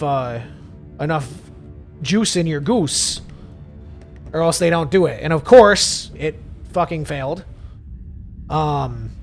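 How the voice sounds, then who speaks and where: A man's voice: a little high, gravelly. A man giving casual gameplay commentary, ranting and swearing freely. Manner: ranting, profane, animated. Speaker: gaming YouTuber.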